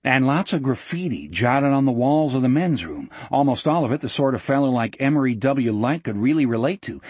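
A man narrating a novel as an audiobook in a steady, measured storytelling voice. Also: medium pitch, husky, dry recording. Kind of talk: scripted narration.

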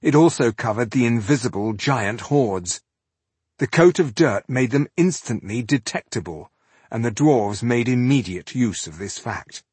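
A man reading a fantasy novel aloud as an audiobook narrator, in a measured, dramatic storytelling manner. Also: medium pitch, animated, a little mellow, slightly rough, dry recording.

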